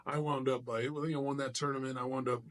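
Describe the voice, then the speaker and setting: A middle-aged martial artist tells a personal story in a casual vlog, talking fast in a mid-range voice. He's animated and loose, restarting his sentences often.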